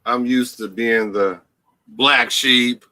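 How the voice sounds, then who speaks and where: Bright-voiced laid-back male podcast guest. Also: medium pitch, fairly even intonation, slow pace. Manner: laid-back, joking, thankful. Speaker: guest panelist. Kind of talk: casual podcast chat.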